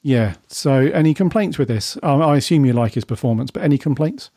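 Male podcast host from Britain, mellow and easygoing, leads the conversation. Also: medium pitch, brisk, breathy edge, dry recording, clean studio sound. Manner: relaxed, leads the discussion. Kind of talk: casual chat.

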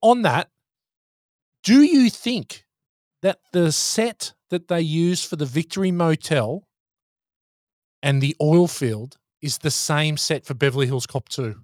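A man's voice: on the high side, expressive, takes it slowly, pauses often, darkish tone, no echo, studio quality. A man co-hosting a podcast, chatty and telling stories in casual talk. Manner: chatty storyteller. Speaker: podcast co-host. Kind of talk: casual chat.

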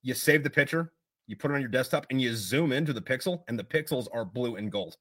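A man, a podcast guest, telling profane stories in casual, animated talk. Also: medium pitch, quick pace. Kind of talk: casual storytelling.

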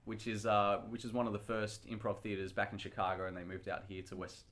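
A man's voice: on the low side, completely flat delivery, brisk, fairly bright tone. A man with an Australian accent, bantering and teasing in an opinionated way during a casual chat.

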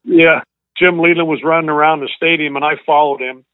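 A man's voice: fairly high pitch, fairly even intonation, dry recording. Older man telling a story over a tinny line. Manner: earnest, halting, repeats himself. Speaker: interview guest, former baseball coach. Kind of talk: emotional storytelling.

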